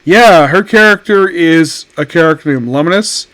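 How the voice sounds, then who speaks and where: Man, fairly high voice, rambling casual review, dry close sound. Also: moderate pace, no echo. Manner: rambling, self-correcting, animated. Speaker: anime reviewer.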